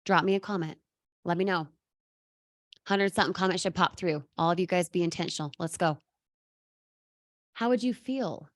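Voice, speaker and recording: A woman's voice: fairly low pitch, steady tone, fairly quick, pauses often, no room sound. Sassy woman hyping up her sales team live, punchy and direct, dry sound. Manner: bold, sassy, emphatic; addresses viewers by name. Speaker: sales coach. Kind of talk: motivational live talk.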